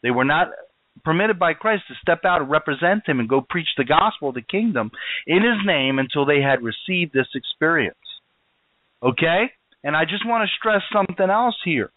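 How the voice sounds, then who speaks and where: A male preacher delivers his sermon emphatically, his voice swinging up and down with animated pitch. He sits a little high for a man. The sound is dry and thin, like a broadcast heard over a phone line. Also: normal speed, dry recording. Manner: emphatic, rising and falling preaching cadence.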